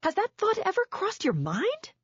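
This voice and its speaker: A woman's voice: on the high side, big pitch swings, moderate pace, breathy edge, no room sound, dull audio, pitched above the performer's own voice. A woman voicing a desperate wife who refuses to give in, speaking in a strained, raised voice. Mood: defiant. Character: desperate wife standing firm on principle.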